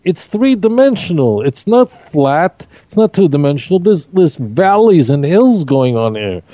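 Animated middle-aged man teaching. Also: on the high side, a little slow, dry recording. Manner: animated, emphatic teaching with repeated phrases. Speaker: rabbi teaching on scripture. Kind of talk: podcast Bible discussion.

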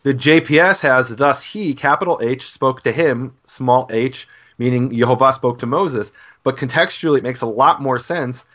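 A man's voice: mid-range voice, normal speed, a bit bright. A man co-hosting a casual scripture chat, explaining Hebrew grammar in a teacherly way. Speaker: Hebrew scholar co-host.

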